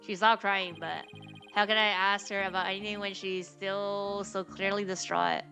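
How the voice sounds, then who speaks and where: An earnest young defense lawyer reasons aloud in a calm, level way, voiced by a woman playing a game. His tone is bright and firm. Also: mid-range voice, moderate pace, vocal fry, faint music behind. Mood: pondering.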